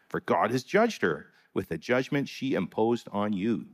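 A man's voice: lowish voice, expressive, measured pace, few pauses. A man reading a long scripture passage aloud in a church service, solemn and rising to proclamation on the quoted cries. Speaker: scripture reader.

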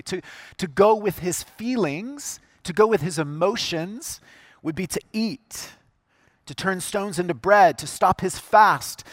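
A man's voice: high voice, no echo. A man preaching a sermon, earnest and emphatic, repeating key phrases for weight. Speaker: pastor.

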